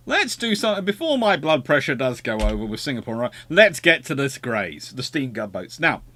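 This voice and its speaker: A man hosting an unscripted livestream history talk, ranting in animated bursts with exasperated asides and answering viewers. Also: mid-range voice, no room sound. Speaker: history show host.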